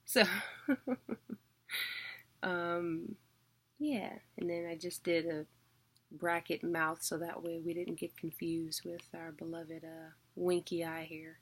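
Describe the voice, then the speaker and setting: Slow-talking woman teaching a casual lesson. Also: fairly low pitch, fairly even intonation, breathy edge. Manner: chatty, visual explanations with fillers.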